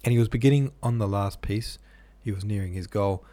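A man narrating a classic novel aloud in a measured, even manner. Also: on the low side. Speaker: audiobook narrator.

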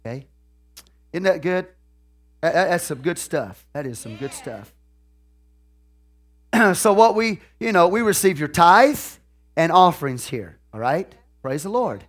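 A man with a Texan accent preaching a sermon as pastor, folksy and peppered with "okay?" and "hallelujah", swinging from soft asides to shouted lines. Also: high-pitched, sing-song, a little slow.

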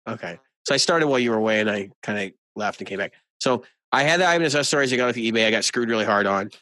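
Man, podcast co-host, casual animated storytelling, swears a lot, bright voice, dry close sound. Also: fairly low pitch, very fast, no room sound. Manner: animated storyteller, swears freely, laughs often. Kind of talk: casual chat.

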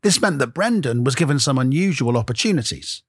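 A man's voice: medium pitch, expressive, a little fast, slightly rough, no room sound. A male narrator giving wry scripted documentary narration. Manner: dry, wry.

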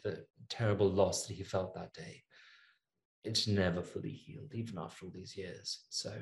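Slow, deep-voiced man in an echoey room. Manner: slow, thoughtful, hesitant with fillers. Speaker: player. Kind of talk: describing his character in a tabletop game.

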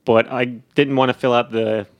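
A man's voice: medium pitch, flat delivery, moderate pace, no echo. A man co-hosting a podcast, laid-back and swearing casually as he chats. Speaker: podcast co-host. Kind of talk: casual chat.

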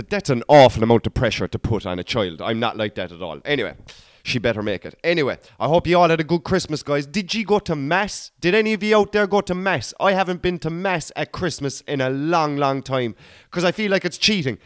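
A man's voice: on the high side, animated, a little fast, no room sound, studio quality. A man in his thirties with a Cork accent, a comedian telling rambling stories on his podcast and talking straight to his listeners. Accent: Cork, Irish. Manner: rambling, chatty, addresses listeners as guys and boy. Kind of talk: casual storytelling monologue.

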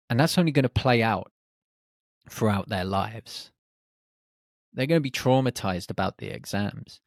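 A man hosting a reflective solo podcast, speaking in short, unhurried phrases. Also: fairly low pitch, expressive, no echo, clean studio sound. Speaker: podcast host.

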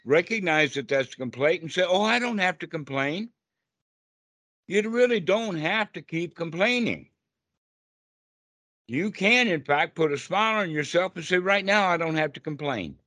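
A man's voice: on the high side, expressive, bright, forceful tone, dry recording, studio quality. A man guiding a breathing meditation on a call, coaching patiently and repeating himself. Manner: slow, patient, repetitive coaching. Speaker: meditation teacher. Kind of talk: guided breathing instruction on a call.

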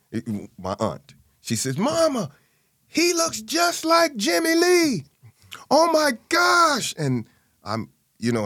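In a dry, clean studio recording, a man recounts a family story as an interview guest. He acts out the voices of the people he quotes, animated and full of big pitch jumps.

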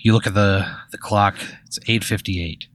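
Here the man hosting a comedy podcast walks through a second-person hypothetical, rambling, cursing, and saying "like" constantly. He speaks at normal speed with a steady, fairly low but fairly bright voice.

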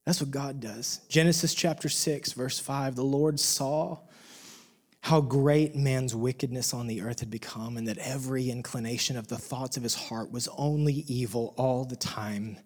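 A man's voice: medium pitch, steady tone, normal speed, breathy edge. Impassioned male pastor preaching a sermon. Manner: impassioned, swinging between loud emphasis and hushed near-whispers.

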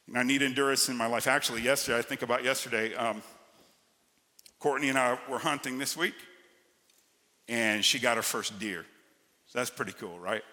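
A man's voice: medium pitch, normal speed, long pauses, sharp tone. A male pastor preaching a sermon, telling personal stories in a conversational, emphatic way. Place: church sanctuary. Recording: church hall with long reverb.

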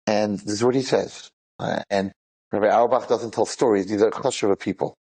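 A man telling a miracle story to a congregation, animated, dropping Hebrew words and slowing down for quoted lines. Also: lowish voice, husky.

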